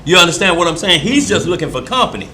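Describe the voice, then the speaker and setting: A man's voice: high voice, sing-song, quick pace, pushed and bright. A man leading an informal Bible study, preaching in an emphatic, folksy way and often checking that listeners follow.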